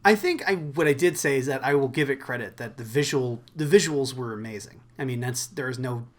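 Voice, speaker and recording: A young man co-hosts a podcast, speaking briskly in a medium-pitched voice. He rambles casually and laughs easily in this relaxed chat, sounding a little wheezy from asthma.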